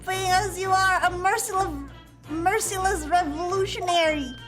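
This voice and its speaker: A woman's voice: very high voice, fairly even intonation, moderate pace, music in the background, voice pushed up. A woman voicing an eccentric, pompous male detective, with a grandiose manner and a mangled mock foreign accent.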